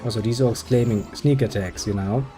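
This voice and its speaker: A gameplay commentator with a lowish, dark-toned male voice mutters sarcastic remarks briskly while he plays, cursing freely. Faint music plays in the background.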